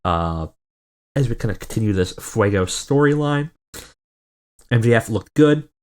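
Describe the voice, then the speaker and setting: A man's voice: fairly low pitch, lively intonation, measured pace. A man giving casual, rambling commentary on a wrestling management game, often correcting himself. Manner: rambling, self-correcting, chuckling. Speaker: video game let's player.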